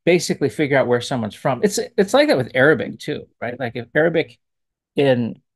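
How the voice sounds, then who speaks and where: A man, a professor, giving casual spoken commentary on language, relaxed and thinking aloud as he digresses. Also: mid-range voice, fairly quick.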